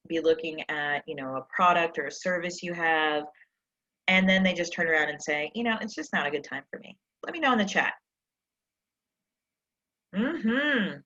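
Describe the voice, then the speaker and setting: A woman's voice: on the low side, sharp tone, muffled recording. A woman success coach giving an emphatic motivational coaching session, full of rhetorical questions, over a live stream mic.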